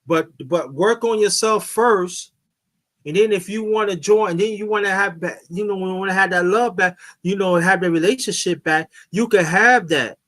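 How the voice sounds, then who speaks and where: Host, male, high bright voice, rambling chatty storyteller who restarts his sentences. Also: normal speed. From New York. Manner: rambling, repeats himself, restarts often. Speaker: YouTube channel host. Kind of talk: casual storytelling on a live chat.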